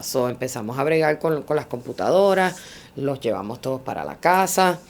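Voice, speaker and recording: A woman's voice: extremely low pitch, animated, quick pace. A middle-aged woman, telling her story in an oral history interview and switching between Spanish and English.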